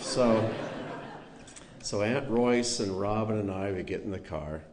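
Low-voiced man, folksy pastor. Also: normal speed, long pauses, darkish tone. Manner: folksy, chuckling storyteller. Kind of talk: storytelling and prayer in church.

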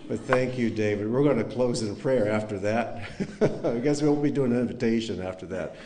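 A pastor telling a folksy story with chuckles, then leading a prayer. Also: male voice, mid-range voice, fairly quick, dark tone.

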